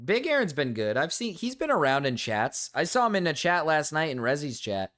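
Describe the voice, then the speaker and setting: Streamer dude rambling on, lots of likes and ums, swears a lot, voice bounces all over. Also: male voice, fairly high pitch, big pitch swings, a little fast, a bit bright. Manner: rambling, filler-heavy, blunt and profane. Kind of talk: casual livestream chat.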